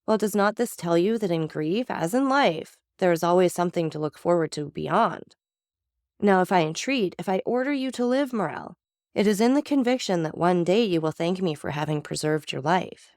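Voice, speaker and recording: A woman's voice: on the low side, animated, normal speed, a little mellow, no echo, clean studio sound. Woman reading as a solemn, commanding count. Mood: persuasive. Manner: solemn, persuasive. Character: stern, commanding older nobleman, mysterious.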